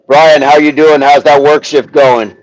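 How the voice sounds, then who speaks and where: Guy hosting a chill outdoor livestream, slow easygoing talk, reads chat out loud, dry close sound. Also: a little high, fairly even intonation, no echo, low-quality recording. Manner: chatty, reads chat aloud, sounds out words slowly. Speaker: livestream host. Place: outdoors, windy, a tree behind him.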